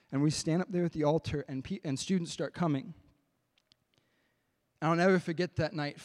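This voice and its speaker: A man preaching from the pulpit in a slightly high voice, pouring raw emotion into a personal story. He drops to a hushed, pleading tone, then rises to loud, intense outbursts. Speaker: pastor. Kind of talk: sermon.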